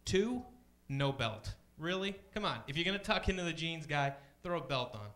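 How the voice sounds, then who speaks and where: A deadpan male comedian delivers a talkative set in a comedy club, speaking at an ordinary pace. When quoting other people, he frequently pops into high voices.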